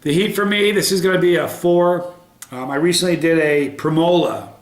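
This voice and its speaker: A man's voice: on the high side, moderate pace. A man doing a casual pepper tasting review to camera, upbeat, with many ums and restarts. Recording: roomy echo.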